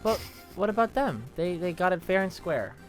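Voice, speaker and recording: A man's voice: high voice, very animated, normal speed. A man hosting a livestream in easygoing casual chat, mostly short replies and questions. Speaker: streamer and host. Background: faint game music.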